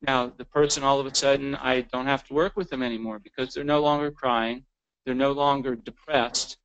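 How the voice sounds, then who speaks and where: A man talking through a continuing education lecture at a middle pitch, loose and conversational. He stumbles and repeats words as he goes, and slips into the voices of clients and staff to show what they say. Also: flat delivery, normal speed, creaky, a bit bright, lo-fi sound. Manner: informal, repeats words, acts out quoted clients.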